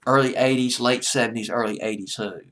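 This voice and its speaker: A man's voice: medium pitch, fairly even intonation, fairly quick, a bit bright. A man with a Southern American accent hosting a music countdown, rambling and chatty as he recalls old hit records. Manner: rambling, chatty, self-mocking. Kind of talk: casual music commentary.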